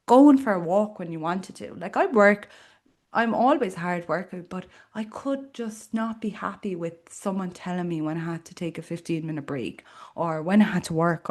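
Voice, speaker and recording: Woman, Irish accent, fairly low pitch, podcast host, earnest, reflective, casual fillers. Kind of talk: personal spiritual podcast monologue.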